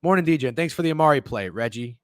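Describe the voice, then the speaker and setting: A man's voice: fairly high pitch, expressive, racing, no echo. A man hosting a sports betting show, ranting in casual, profane chat and answering messages from viewers. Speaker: sports betting podcast host.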